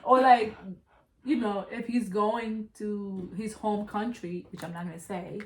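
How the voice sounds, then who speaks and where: A young woman telling a story in casual chat, animated and profane, calling her listeners "y'all". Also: medium pitch, measured pace, a little hiss or hum. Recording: roomy echo.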